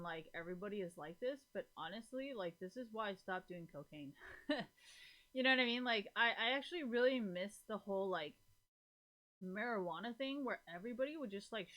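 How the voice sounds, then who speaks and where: A woman's voice: mid-range voice, fairly bright tone. A woman streaming and chatting loosely to her viewers. She rambles from thought to thought, peppers her talk with profanity and leans on "like" and "you know" constantly. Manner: rambling, profane, fills every gap with "like". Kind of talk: casual chat to a live audience.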